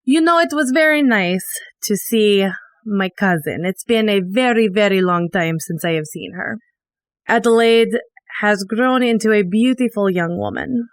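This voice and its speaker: A woman voicing a grieving adventurer with a put-on accent, speaking in character with halting, emotional pauses. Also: medium pitch, no room sound, close to an everyday voice. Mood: somber, grieving. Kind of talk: in-character monologue in a tabletop game.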